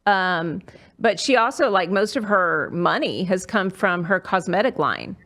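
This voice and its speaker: Middle-aged woman, podcast host, casual chat, somewhat low voice, lots of ums and restarts. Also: animated, measured pace, a bit bright. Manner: chatty, many fillers and restarts.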